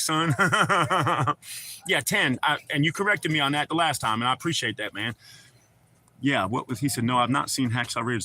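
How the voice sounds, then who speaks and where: Bright-voiced man casually chatting. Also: on the high side, slight background noise. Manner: profane, joking, talks back to chat. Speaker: livestream host. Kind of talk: casual livestream chat with viewers.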